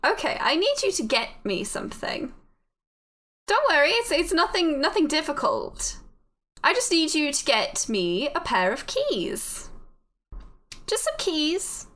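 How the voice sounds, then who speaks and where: A woman voicing a smug, scheming British gentleman with a put-on British accent in a breezy, falsely reassuring tone. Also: sits high, sing-song, measured pace, pitched above the performer's own voice, full character voice. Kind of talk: game master voicing a character.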